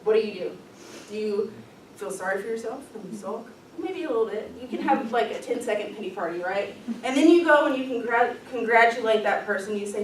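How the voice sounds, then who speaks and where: A woman's voice: on the high side, animated, fairly quick, slight background noise. A woman presenting a leadership workshop, talking in an upbeat, casual way with frequent ums and light laughs. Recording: echoey room, voice from far off.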